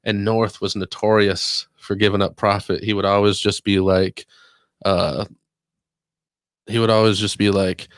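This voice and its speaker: A man's voice: on the low side, level tone, a little slow, dry recording. A man from Ohio chatting as a podcast guest, telling loose, rambling stories full of "dude" and casual swearing. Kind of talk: casual storytelling chat.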